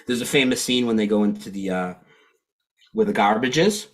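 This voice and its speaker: A man's voice: on the low side, brisk. Earnest man explaining at length. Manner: earnest, explains with repeated restarts. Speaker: guest. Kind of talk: casual livestream chat.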